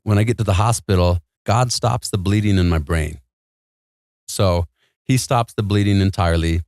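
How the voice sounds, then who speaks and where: A man's voice: deep voice, moderate pace, a little mellow, no echo, studio quality. A man as an interview guest, telling a personal story in a casual, earnest and emphatic way, full of "like" and "man".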